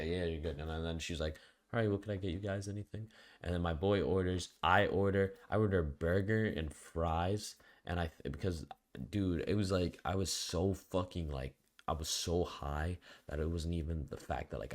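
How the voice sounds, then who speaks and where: Young male vlogger, low voice, slangy profane storyteller with loud outbursts. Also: normal speed. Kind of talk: casual storytime monologue.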